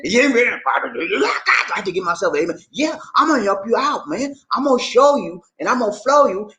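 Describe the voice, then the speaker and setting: A man hosting his own show, talking casually and playfully to his viewers, repeating and rhyming his phrases and asking them to answer back. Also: high voice. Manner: animated, playful, call-and-response with viewers. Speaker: show host. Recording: echoey room.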